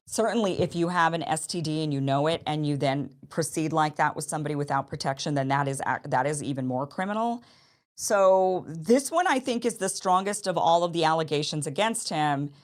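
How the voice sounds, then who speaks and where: Female host, 30s, low voice; unscripted commentary, halting and reflective, lots of restarts. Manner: thinking aloud, frequent restarts and "you know". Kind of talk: commentary on news allegations.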